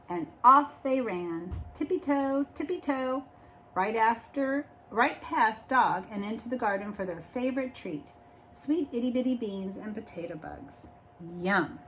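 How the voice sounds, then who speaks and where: A woman reading a picture book aloud like a teacher, expressive and pausing to explain the story. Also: a little high, slight background noise.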